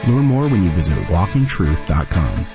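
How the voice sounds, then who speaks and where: Very deep-voiced male announcer. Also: wildly swooping pitch, normal speed. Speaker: program announcer. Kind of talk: scripted radio intro. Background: guitar music.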